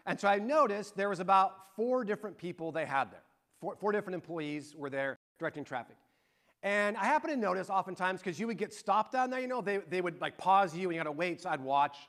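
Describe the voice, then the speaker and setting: A middle-aged man preaching a sermon and telling an animated, excited story to his congregation. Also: high-pitched, brisk. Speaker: pastor.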